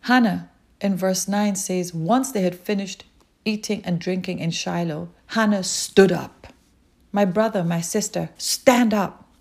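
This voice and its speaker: A woman preaching a sermon, urging listeners with slow, repeated calls. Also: lowish voice, creaky, darkish tone. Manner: slow, repetitive exhortation.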